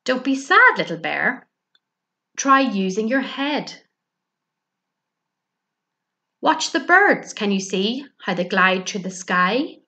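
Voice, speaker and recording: A woman voicing a wise, patient female owl who explains things gently, in a children's storybook reading. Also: medium pitch, big pitch swings, slow, heavily acted. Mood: comforting.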